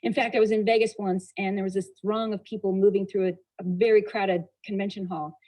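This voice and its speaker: A woman's voice: medium pitch, little pitch movement, a little fast, a little mellow, rough recording. A woman giving a motivational talk as a storyteller, acting out dialogue and asking the audience rhetorical questions. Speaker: motivational speaker.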